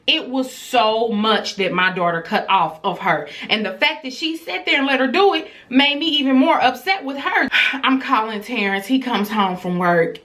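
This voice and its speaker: A young woman vlogger telling a family story in a casual, animated and exasperated way. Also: medium pitch.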